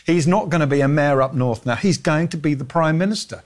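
A man speaking as a panelist on a political chat show, measured with some hesitation. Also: on the high side.

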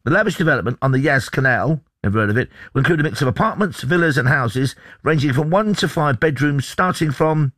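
A man's voice: a little high, lively intonation, brisk, few pauses, fairly bright tone, dry recording. A man co-hosting a radio show, reading stories and teasing his co-host. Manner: teasing, jokey, reads stories aloud. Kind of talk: bantering news chat.

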